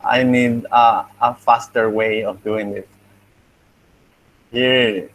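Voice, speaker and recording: A man's voice: mid-range voice, fairly even intonation, takes it slowly, fairly bright tone, low-quality recording. A man teaching a phonetics class over a video call, patient and encouraging, thinking aloud as he goes through an exam. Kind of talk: online class feedback.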